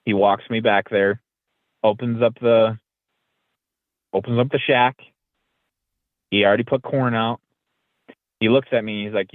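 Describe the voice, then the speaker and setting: A man's voice: lowish voice, moderate pace, pauses often, no echo. A man, a podcast guest, telling a story in a casual way and acting out the lines he quotes. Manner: lively retelling that acts out quoted lines. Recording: dry, tinny phone-like line.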